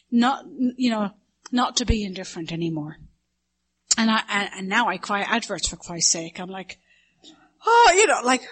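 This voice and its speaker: A woman's voice: medium pitch, fairly bright tone. A middle-aged woman with an Irish accent, telling her personal story to a recovery meeting in a candid, self-mocking way, acting out other people's voices. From Ireland.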